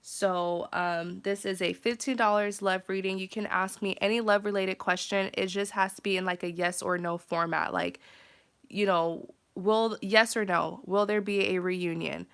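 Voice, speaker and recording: A woman's voice: medium pitch, steady tone, moderate pace, fairly bright tone, smooth. A woman with a nasal, congested voice, hosting a casual tarot live stream, chatty and full of fillers. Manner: chatty, many fillers, laughs often. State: congested from travel.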